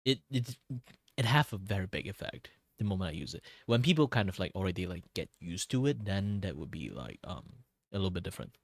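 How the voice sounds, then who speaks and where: A man's voice: a little fast, no room sound. Tired-voiced young man, rambling. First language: Cantonese. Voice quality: low, relaxed tone. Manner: rambling, many fillers and restarts. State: voice tired from talking a lot. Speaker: streamer. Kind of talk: casual chat while drawing.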